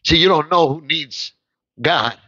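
Male preacher, high and forceful, preaches with fire, shouts at peaks; dry, muffled livestream sound. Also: a little slow, breathy edge, no echo. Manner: impassioned, swings into shouts. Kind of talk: sermon with storytelling.

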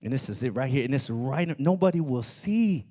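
A man preaching a sermon as pastor of his church, with animated delivery that climbs into shouts. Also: mid-range voice, quick pace. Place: church sanctuary.

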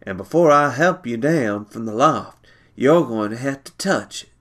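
A man's voice: mid-range voice, animated, measured pace, lightly acted. Guy doing an impatient big brother, bossy and pushy, storybook reading. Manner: bossy, demanding.

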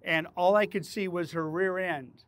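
Animated male storyteller, slightly high voice. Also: moderate pace, dry recording. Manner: animated, acts out his own panicked lines. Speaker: leadership speaker and channel host. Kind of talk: dramatic personal storytelling to camera.

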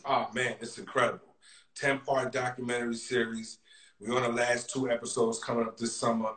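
A man's voice: mid-range voice, little pitch movement, fairly quick, a bit bright. A man guesting on a casual interview, laid-back and talking in casual slang. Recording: echoey room.

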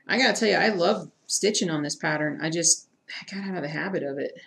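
A woman's voice: low-pitched, fairly quick, creaky. Chatty woman stitching on a live stream. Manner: chatty, self-deprecating, talks to chat, mutters to herself. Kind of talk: casual live-stream chat while stitching.

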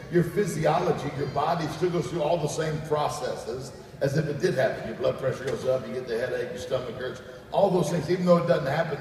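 Joking preacher in an echoey church. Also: male voice, a little high, noisy background. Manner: joking, asks the crowd questions. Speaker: guest preacher. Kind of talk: humorous sermon with jokes. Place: church sanctuary. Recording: echoey church hall from far off, with crowd.

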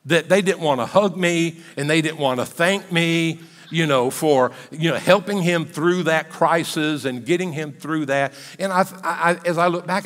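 Older pastor, high voice in a reverberant church. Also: male voice, fairly bright tone. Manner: conversational, folksy storyteller. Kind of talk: sermon storytelling. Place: church sanctuary. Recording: long hall reverb in a church.

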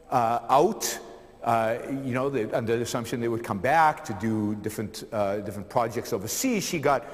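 A man giving a public lecture to a live audience, telling a life story energetically, with many fillers and repeated words. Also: mid-range voice. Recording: long hall reverb.

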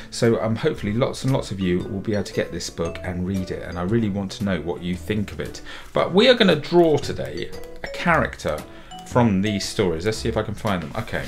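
Chatty man with a lively, low voice. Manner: chatty and upbeat, doubling words for emphasis. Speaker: children's author and illustrator teaching drawing. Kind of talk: friendly drawing tutorial for kids.

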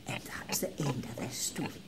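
A woman with a Scottish accent telling a children's story in a playful, expressive way. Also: normal speed, very noisy.

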